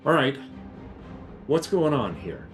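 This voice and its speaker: A man playing a brisk, commanding patriotic soldier hero, with music behind. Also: mid-range voice, sing-song, voice pushed up. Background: background music.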